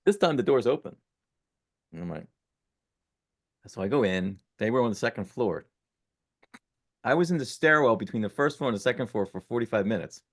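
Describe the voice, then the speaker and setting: A man in his sixties, a podcast guest telling his story casually, animated and often correcting himself mid-sentence. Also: mid-range voice, brisk, long pauses. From born in Italy, raised in the United States. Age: 60s.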